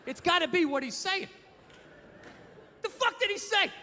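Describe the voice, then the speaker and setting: A man doing a stand-up comedy set on stage, ranting and swearing with loud shouted bursts, recorded live in a theater. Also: very high-pitched, expressive, moderate pace. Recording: live in a theater with long reverb and faint crowd noise.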